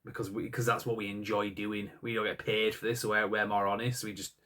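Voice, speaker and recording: A man co-hosting a podcast, talking in a rambling, opinionated way. His voice sits slightly low, and he leans on "like" and "um" as he goes. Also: flat delivery, brisk, sharp tone. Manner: rambling, opinionated, heavy use of "like" and "um". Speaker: podcast co-host. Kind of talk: casual chat.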